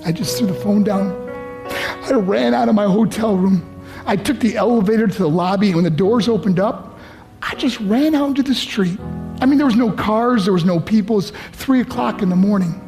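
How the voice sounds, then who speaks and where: Middle-aged man, motivational speaker, heartfelt confessional storytelling, soft music behind. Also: high voice. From United States. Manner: earnest, pleading storytelling with vivid pauses. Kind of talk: emotional personal storytelling speech. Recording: faint music underneath. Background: soft background music.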